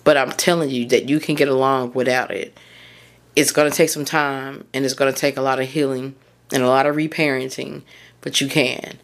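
A woman's voice: extremely low pitch, fairly even intonation, normal speed. Woman, solo podcast host, candid and rambling, keeps correcting herself mid-thought. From Tennessee, US.

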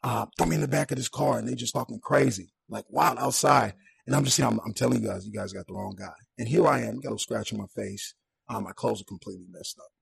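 A young man telling a personal story on a podcast in a casual, animated way, acting out the people in it. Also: medium pitch, fast, gravelly, husky, no room sound. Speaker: podcast guest.

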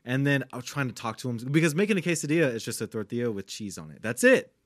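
A man in a relaxed podcast chat, spinning a meandering story with plenty of swearing and easy laughter. His voice sits in a middle register and sounds close and dry, with no room around it. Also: mid-range voice, fast talker, no room sound. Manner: laid-back, rambling, swears often, laughs through his stories. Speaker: podcast co-host.

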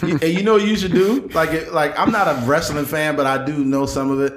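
A man hosting a podcast in casual chat, laughing often and breaking into loud wrestler impressions. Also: a little high, steady tone, fairly quick, roomy sound, background noise. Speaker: podcast host.

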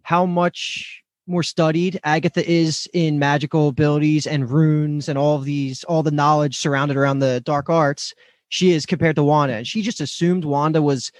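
Male co-host, slightly high voice, dry sound, steady explainer. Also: normal speed, no echo. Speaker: podcast co-host. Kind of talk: casual recap chat.

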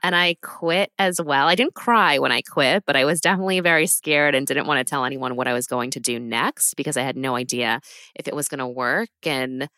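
A woman's voice: rumbling low, fairly quick, sharp tone, no echo, clean studio sound. A woman from New York, hosting the interview in an earnest, composed way. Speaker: host. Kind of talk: podcast interview.

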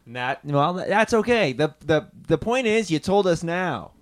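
A man's voice: a little high, expressive, a little slow. A man co-hosting an improv comedy podcast, joking and reassuring. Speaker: podcast co-host.

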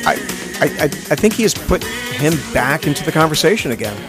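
A man's voice: on the high side, very animated, fairly quick. A man co-hosting a podcast, chatting casually and reflectively about pop music, often restarting his sentences. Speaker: podcast co-host. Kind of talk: casual chat about 1980s pop hits. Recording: music playing under the talk.

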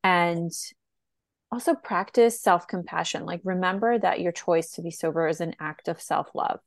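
A woman's voice: on the low side, normal speed, gravelly, no room sound, clean studio sound. A woman co-hosting a podcast as a health coach, giving earnest advice in casual chat with frequent fillers.

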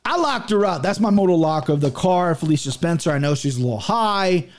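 A man's voice: a little high, brisk. A young man giving casual MMA betting picks, profane and rambling, with many restarts. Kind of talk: casual solo picks show.

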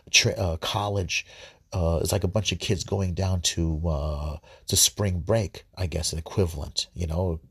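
A man's voice: low-pitched, husky, dry recording, studio quality. A man giving informal scripture commentary, earnest, often repeating words and restarting sentences. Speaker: Bible study host.

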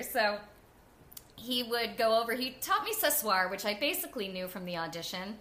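Bright, chatty New woman. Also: fairly high pitch, normal speed. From New Jersey. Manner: animated and chatty, with frequent "like" and laughter. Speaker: guest. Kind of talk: casual interview storytelling.

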